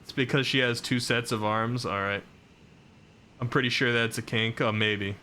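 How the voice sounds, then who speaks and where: A man's voice: medium pitch, fairly even intonation, normal speed, sharp tone, a little hiss or hum. A man streaming a game live, chatting casually, reacting aloud to what happens and answering his chat. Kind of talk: live gameplay commentary.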